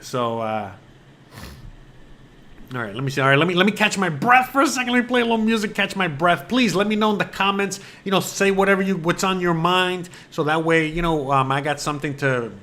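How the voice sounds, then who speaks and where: A man's voice: sits high, expressive, brisk, sharp tone. A man hosting a casual livestream chat, rambling and cursing freely, with constant fillers. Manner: rambling, peppered with "you know" and swearing. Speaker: host. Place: lives in Mexico.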